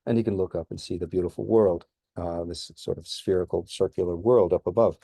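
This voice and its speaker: A male history professor talks through a recorded course introduction in a low, mellow voice. He is relaxed and unhurried, full of ums and restarts, and the sound is dry and close to the mic. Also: vocal fry, husky, no room sound. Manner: relaxed, many fillers and restarts.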